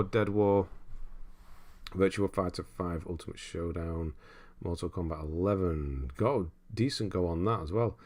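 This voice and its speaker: A young man hosting a casual gaming livestream, working through viewer comments in a relaxed, rambling way. His voice sits low, and he breaks into laughter often as he chats. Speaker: streamer host.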